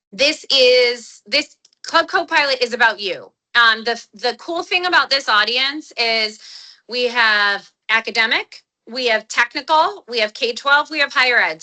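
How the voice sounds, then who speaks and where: A woman with a sharp, very bright voice sitting a touch high hosts an online call. She is chatty and eager, restarting her sentences as she goes, and talks into a phone. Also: poor audio. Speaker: webinar host. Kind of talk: casual online community call.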